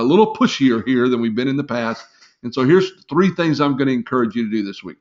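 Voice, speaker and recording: A middle-aged man hosts a sales training webinar in a folksy, encouraging way, with plenty of fillers and restarts. His voice sits at an ordinary pitch. The audio is somewhat dull and lo-fi. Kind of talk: casual live webinar talk.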